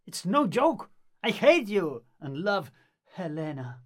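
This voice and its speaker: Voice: mid-range voice, very animated, slow pace. An actor playing Lysander, a fickle young nobleman who speaks bluntly and scornfully, in an amateur stage-play reading. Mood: cold.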